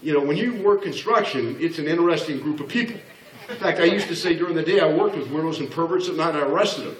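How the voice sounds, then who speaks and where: A man in his sixties with a slightly high voice and lively intonation talks fast through a blunt, jokey motivational business talk, acting out the voices he quotes. He's before an audience in a large hall, recorded with echo and far from the mic.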